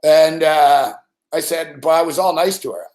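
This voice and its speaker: A man's voice: fairly high pitch, normal speed, a little mellow. A man hosting a sports betting show, rambling through a casual story full of swearing and fillers. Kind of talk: casual profane storytelling rant. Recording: roomy echo.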